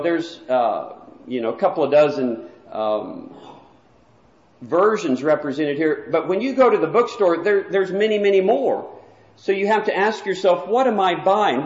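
A man's voice: on the high side, a little mellow. A man preaching an explanatory morning lesson in a church hall, walking listeners through a chart in a plain, teacherly way. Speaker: preacher teaching a Bible class. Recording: echoey, dull lo-fi room recording.

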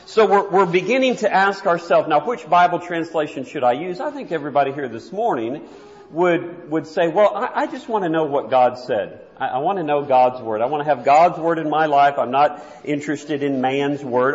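A man teaching a church Bible class in a conversational way, often repeating words and slowing down to read verses aloud. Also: on the high side. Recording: dull sound, long reverb in a hall.

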